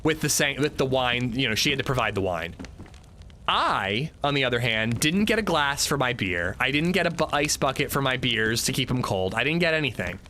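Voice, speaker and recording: A man in his thirties livestreaming from a room at home, telling a story in casual chat as an indignant, animated ranter. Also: medium pitch, a little hiss or hum. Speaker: livestreamer playing a survival game.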